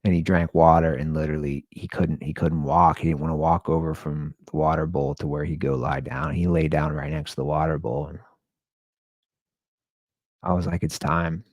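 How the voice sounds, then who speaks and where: A man's voice: rumbling low, flat delivery, moderate pace, a little mellow, no room sound. A man hosting his own show, talking in a somber, rambling, conversational monologue. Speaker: podcast host. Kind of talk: casual solo monologue.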